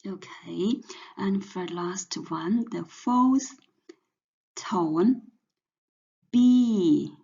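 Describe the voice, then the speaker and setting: Slow, patient woman teaching pronunciation. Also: lowish voice, vocal fry, a little mellow, slightly rough. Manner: slow and patient, spells out sounds then blends them. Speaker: Chinese language teacher. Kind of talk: pinyin pronunciation lesson. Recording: dull, muffled lo-fi audio.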